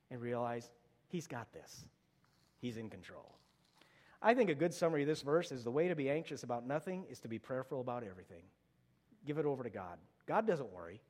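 A man's voice: medium pitch, darkish tone, long reverb tail. A middle-aged male pastor preaching a sermon, telling stories conversationally and rising to urgent exhortation.

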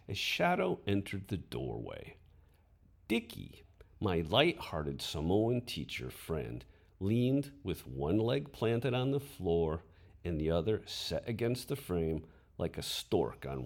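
A man's voice: deep voice, sing-song, unhurried, vocal fry, a little mellow. A man reading his own memoir story aloud, dramatic in delivery and voicing his inner thoughts.

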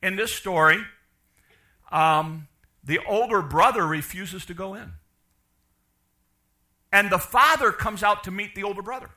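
A middle-aged man preaching a sermon, animated, acting out quoted characters, with frequent restarts. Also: sits high, measured pace, pauses often. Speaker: pastor.

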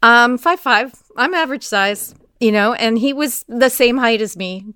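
An older woman interviewing a guest, asking questions and telling a vivid story in an animated way. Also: a little high, normal speed, clear, resonant tone, no room sound. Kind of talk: conversational interview.

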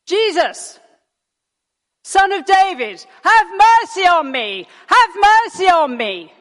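A woman voicing a desperate blind male beggar who cries out loudly for mercy in a church hall. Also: very high voice, sing-song, takes it slowly, voice pushed up, heavily acted. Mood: pleading. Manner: loud pleading shouts. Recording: long church reverb.

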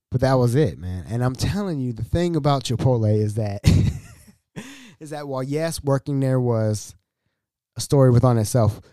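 Male podcast host, casual storyteller who acts out every line; lively pitch, mellow timbre. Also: dry recording, studio quality. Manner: animated, acts out dialogue in voices.

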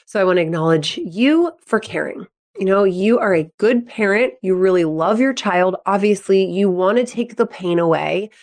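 An advice podcast is hosted by a sports psychology coach, a woman in her thirties who speaks at a moderate pace. Upbeat and expressive, she shifts into a higher voice to act out quotes.

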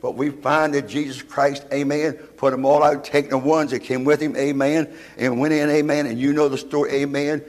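A man's voice: fairly high pitch, level tone, normal speed, few pauses. Male preacher, slightly raised voice, amen after every phrase. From West Virginia, USA. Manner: asks rhetorical "what?" questions. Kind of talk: sermon.

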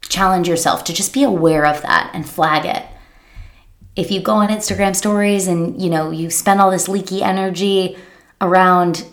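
A woman's voice: lowish voice, steady tone, moderate pace. A woman coach giving a motivational talk, emphatic and repetitive, often acting out her clients' anxious inner thoughts. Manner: emphatic, repeats key phrases, acts out clients' worried inner voices. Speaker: business coach.

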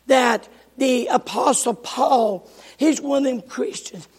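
A male pastor preaching a sermon, telling folksy stories with bursts of shouting, recorded in a church sanctuary. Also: extremely high pitch, takes it slowly, breathy edge. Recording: echoey church hall.

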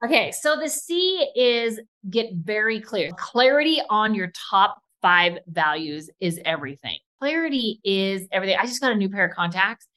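Woman podcast host chatting fast and excited, lively casual talk. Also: medium pitch. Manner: enthusiastic, fast-talking, animated.

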